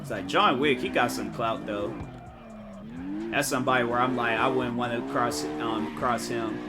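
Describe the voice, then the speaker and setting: A man, a game streamer telling stories in casual chat and jumping into high mock voices. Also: moderate pace, gravelly. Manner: animated storytelling, jumps into high-pitched mock voices. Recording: music playing behind.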